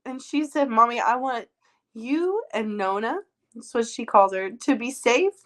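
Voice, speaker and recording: A woman with a high voice speaks over a video call. She is an emotional mother who tells a story about her family and is at times tearful. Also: lively intonation, a little slow, a bit bright. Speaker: dog owner and mother.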